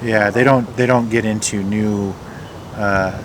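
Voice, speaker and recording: A man who brews craft beer, explaining in a relaxed, casual way, often hesitating with fillers. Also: lowish voice, measured pace, noisy background.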